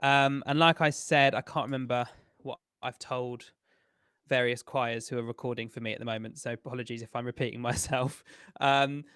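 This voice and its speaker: A man's voice: mid-range voice, steady tone, normal speed, fairly bright tone, smooth, no echo, studio quality. A man with an English accent leading a choir rehearsal over a video call, giving chatty, instructive tips with plenty of fillers. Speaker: choir music director.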